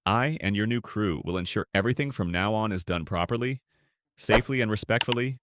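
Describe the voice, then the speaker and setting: A steady airline captain, read by a man. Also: on the low side, brisk, background noise, close to an everyday voice. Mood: earnest.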